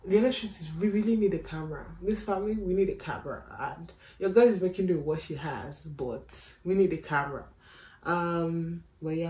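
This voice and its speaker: A woman's voice: lowish voice, dark tone. A young woman, chatting casually and animatedly to camera in a travel vlog, full of slang and easy laughs. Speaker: travel vlogger. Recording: echoey room with faint ambience.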